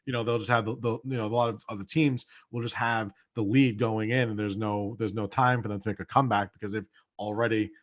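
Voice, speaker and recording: A man's voice: on the low side, steady tone, quick pace, few pauses, muffled recording. A man co-hosting a casual sports podcast, swearing freely and repeating points for emphasis. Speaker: podcast co-host.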